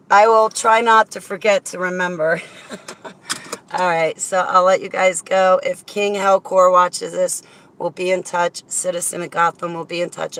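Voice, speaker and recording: A woman recording a casual, emotional video message to thank her viewers, rambling and effusive, with sudden loud exclamations. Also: fairly low pitch, gravelly.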